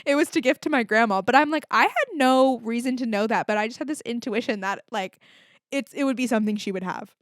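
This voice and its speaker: A woman's voice: a little high, quick pace, no echo, studio quality. A young woman hosting a casual solo podcast, chatty and candid, with lots of filler words and the odd swear. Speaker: podcast host.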